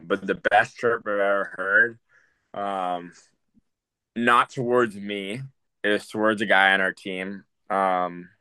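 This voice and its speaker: A man's voice: sits low, bright, forceful tone, dry recording. A young man, a hockey prospect, answering interview questions casually, with many fillers and restarts. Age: young adult.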